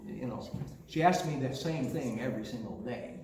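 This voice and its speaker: A man's voice: mid-range voice, moderate pace. Man, joke-telling storyteller, far off mic, noisy echo. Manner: joking, builds to a punchline. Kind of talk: casual storytelling chat.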